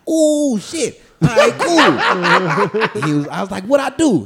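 A man's voice: very high-pitched, measured pace, vocal fry, slightly rough. A man telling a crude comic story on a podcast, acting out the people in it with lots of slang. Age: adult, calls himself old now. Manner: animated storyteller, crude slang, acts out voices.

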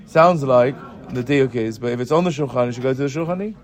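A Talmud teacher runs a Gemara class that mixes English and Hebrew terms, his voice even and mid-pitched, with a crowd audible in the background. He walks through each point step by step, quizzes the class, keeps asking "right?" and "yeah?", and stumbles and restarts while reading the text aloud.

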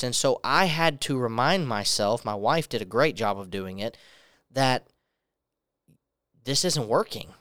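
Young man, preacher, earnest storytelling, smooth clear voice, dry sound. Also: medium pitch, lively intonation, unhurried, long pauses, a bit bright, no room sound. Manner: earnest storytelling, acts out quoted dialogue. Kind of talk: personal testimony sermon.

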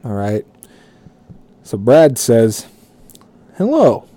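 A man's voice: medium pitch, measured pace, warm tone, dry recording. A man telling a profane work story casually, rambling and correcting himself as he goes. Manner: rambling, swearing, self-correcting.

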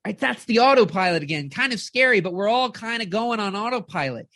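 A woman life coach giving an energetic live-streamed motivational talk, keeps checking in with her audience and acts out inner voices. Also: medium pitch, fairly quick, no room sound, clean studio sound.

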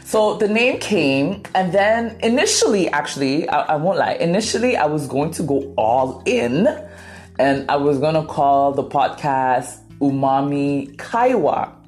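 A woman hosting a podcast, telling a story in a casual, animated way and acting out quotes dramatically. Her first language is Cree. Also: low voice, unhurried. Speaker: podcast host.

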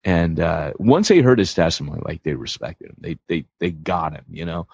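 A man co-hosting a podcast, telling stories in a casual, animated way with lots of fillers. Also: low voice, moderate pace, vocal fry, breathy edge, no echo, dull audio. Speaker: podcast host.

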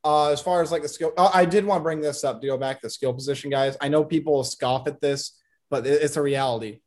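A man's voice: a little high, fast, a little mellow. A man co-hosting a casual sports talk show, giving opinionated takes on college football recruiting and teasing his co-host.

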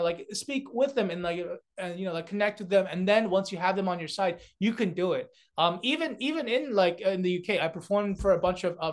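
Animated, higher-voiced man from South Korea. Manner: filler-heavy, with frequent "like" and "you know". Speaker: comedian and guest. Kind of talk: casual interview chat.

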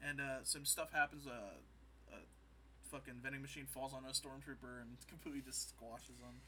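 A man with a very bright, forward voice chats casually, recapping funny scenes and dropping into brief put-on voices for each character. A faint hum of ambience sits behind him. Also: mid-range voice, steady tone. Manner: retells scenes with quick put-on voices, laughing often. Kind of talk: casual chat recapping a comedy show.

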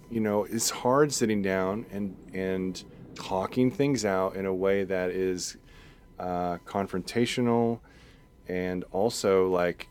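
A man with a very low voice chats on a podcast, circling his point through false starts and fillers. He talks loosely and casually with a co-host. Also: a little mellow, a little hiss or hum. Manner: halting, many restarts and fillers.

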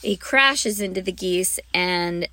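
Speaking slowly in a lowish voice with a sharp tone, this woman runs a podcast aimed at music teachers. She gushes with bubbly enthusiasm about teaching, often pausing with "um."

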